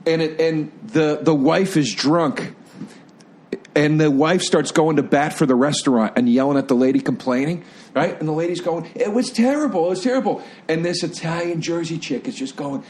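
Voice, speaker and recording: Brief: man, 40s, from around Philly, slightly high voice, profane laughing storyteller, casual podcast chat. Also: steady tone, normal speed, a little mellow. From Philadelphia area. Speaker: podcast co-host.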